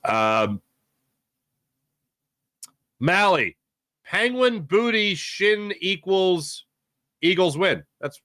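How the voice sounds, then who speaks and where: Bright-voiced jokey Philly sports host. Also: male voice, high voice, lively intonation, drawn-out words, pauses often, dry recording, studio quality. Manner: rambling, jokey, reacts to chat names. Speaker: sports talk show host. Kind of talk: casual live-stream chat reading comments.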